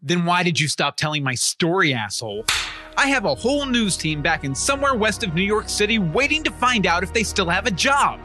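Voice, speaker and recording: A man's voice: sits high, very animated, a little fast, music in the background. An actor playing a brash, crude, blustering TV newsman in a comedic audio play. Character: brash profane male TV newsman.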